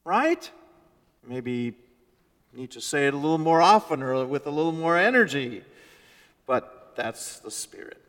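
A male pastor preaching a sermon in a church, moving from loud, emphatic lines to soft, hushed phrases. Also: sits high. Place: church sanctuary. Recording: long church reverb.

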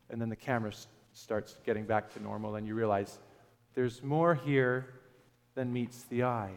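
A man's voice: mid-range voice, steady tone, moderate pace, gravelly. A man preaching a sermon in a conversational way, often asking his listeners questions. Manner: conversational, asks the audience questions, some "uh" fillers. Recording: long hall reverb.

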